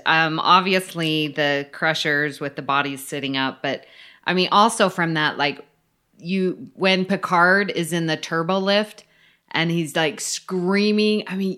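A woman's voice: low voice, sharp tone. A woman co-hosting a podcast, chatting casually and leading the discussion. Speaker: podcast co-host. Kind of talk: casual chat.

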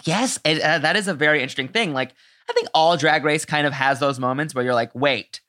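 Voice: medium pitch, fast talker, sharp tone. Chatty, enthusiastic podcast host. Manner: chatty and enthusiastic, with frequent fillers and swearing. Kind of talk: casual podcast chat.

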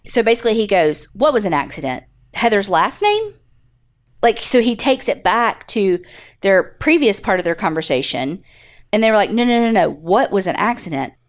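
A woman co-hosting a podcast, telling a story in a casual, chatty way, swearing freely and acting out the quotes. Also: mid-range voice. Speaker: podcast co-host.

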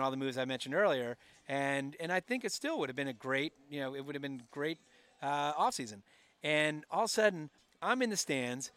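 A man's voice: fairly high pitch, smooth, no echo. Pria bersuara agak tinggi, rekaman kering. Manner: animated storyteller with many restarts. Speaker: team staff member, podcast co-host. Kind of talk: casual chat. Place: stadium broadcast booth.

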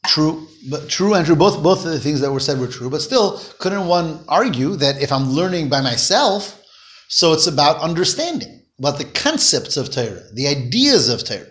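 A man teaching a Torah class in a fairly high voice. He explains step by step, repeats key phrases and keeps turning to the students with questions. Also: sing-song, moderate pace, a bit bright.

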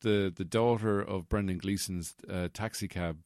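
A man's voice: low-pitched, fairly even intonation, normal speed, a little mellow, dry recording, clean studio sound. A man, co-hosting a film podcast in a rambling way, trailing off into fillers. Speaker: podcast co-host. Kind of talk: casual film discussion.

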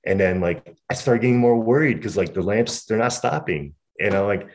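Low-voiced man, halting and repetitive. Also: a little mellow. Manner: halting, repeats words, restarts often. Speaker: podcast guest. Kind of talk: casual storytelling chat.

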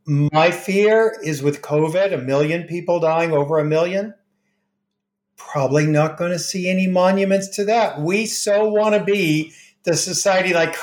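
Male author guest, slightly high voice, animated anecdotes, recorded in an echoey room. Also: normal speed. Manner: animated anecdotes, acts out quoted dialogue. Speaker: grief expert and author. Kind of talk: interview conversation, storytelling.

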